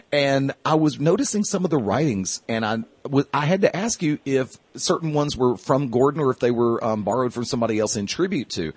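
A chatty man hosts a casual interview, his voice husky and a little breathy. The sound is dry and close, with no room around it. He rambles through long asides and laughs easily. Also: mid-range voice, no echo. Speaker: podcast host.

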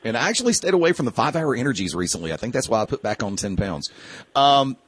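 A man's voice: medium pitch, sing-song, quick pace, breathy edge. A man hosting a casual interview show, chatty and rambling, laughing easily. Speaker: podcast host.

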